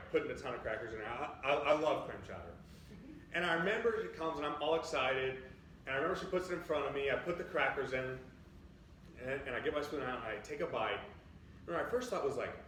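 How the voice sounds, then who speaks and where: A man's voice: on the high side, a bit bright, slight background noise. A young man in his twenties preaching a sermon in a casual, storytelling way, upbeat and chatty with lots of "like" fillers. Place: church sanctuary. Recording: echoey church from a distant mic.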